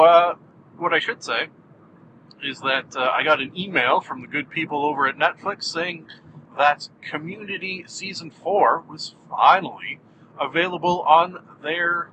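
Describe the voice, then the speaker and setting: A man with a fairly high, bright, forceful voice hosts his own podcast while driving, rambling in a self-mocking, jokey monologue. The recording is low quality with slight background noise.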